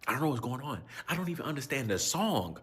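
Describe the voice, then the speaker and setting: Young coach, husky voice, lively pitch swings, exasperated slangy storyteller. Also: male voice, fast talker. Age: 20s. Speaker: youth coach. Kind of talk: storytelling in casual chat.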